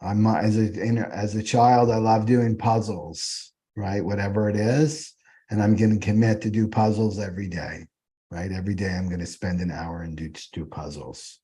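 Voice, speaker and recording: A man's voice: lowish voice, steady tone, moderate pace, mellow, husky. A man teaching astrology off the cuff, rambling and often asking "right?" as he goes.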